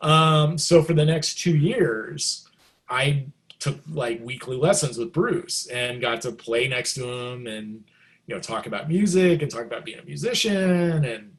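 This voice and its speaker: A middle-aged man, a guest musician, telling stories in a casual interview, loose and chatty, jumping into excited quoted reactions. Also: mid-range voice, normal speed. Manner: loose and chatty, many likes and you knows.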